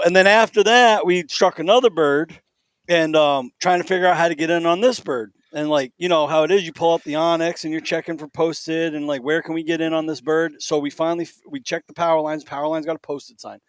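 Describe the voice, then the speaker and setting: A man's voice: a little high, brisk, no echo. A man co-hosting a podcast, telling a story in casual chat and acting out the quoted voices. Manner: animated, acts out quoted voices. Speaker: podcast co-host.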